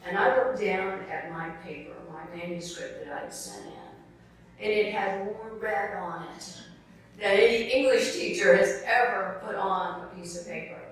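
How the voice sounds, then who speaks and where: A woman's voice: medium pitch, measured pace. Woman telling a story in an echoey hall. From South Carolina, US. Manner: earnest storyteller who keeps addressing the crowd as folks. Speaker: novelist accepting an award. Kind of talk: award acceptance speech, personal storytelling. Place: large formal hall. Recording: echoey hall picked up from a distance.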